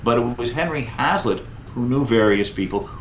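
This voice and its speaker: A man in his sixties recounts stories as an interview guest, bringing lively emphasis to each anecdote. His voice sits at a middling pitch. The recording is echoey and a little muffled, with faint ambient hiss behind him. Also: normal speed. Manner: animated anecdote teller, lively vocal emphasis. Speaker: guest, economics professor. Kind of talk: storytelling in a conversational interview. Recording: echoey, slightly muffled room.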